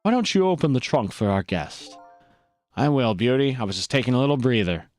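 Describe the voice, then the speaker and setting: A man's voice: medium pitch, sing-song, brisk, a little mellow, faint music behind. A man doing a flirty gangster with a fake Italian accent. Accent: put-on Italian. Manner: flirty, theatrical, overly gallant. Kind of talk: gameplay dialogue read-aloud.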